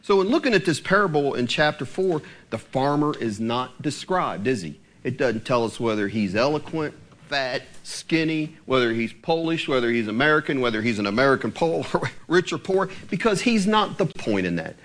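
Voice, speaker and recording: A man's voice: mid-range voice, expressive, moderate pace, fairly bright tone. A man preaching a sermon in a church, rising to emphatic commands as he teaches through a parable.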